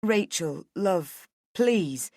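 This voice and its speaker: A woman plays a frightened young husband on the verge of tears, his words halting and soft as he pleads. It is an audiobook reading in a dry, close recording. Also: on the low side, expressive, no echo, heavily acted. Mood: pleading.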